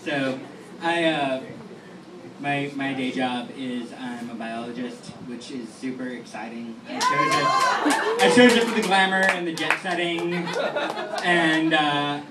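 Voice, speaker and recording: A man's voice: mid-range voice, a little slow. A young man in his twenties doing a stand-up comedy set in a small lounge, talking in a rambling, self-deprecating way with lots of fillers and restarts. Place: small lounge venue with a live audience. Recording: echoey room audio from far off with noise. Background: room ambience and audience noise.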